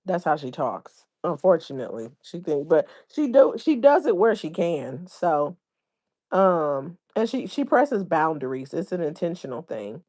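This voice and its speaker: A woman's voice: deep voice, sing-song, unhurried, a little mellow. Chatty woman host reading live comments. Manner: chatty, reads viewer comments aloud, informal slang. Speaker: livestream host.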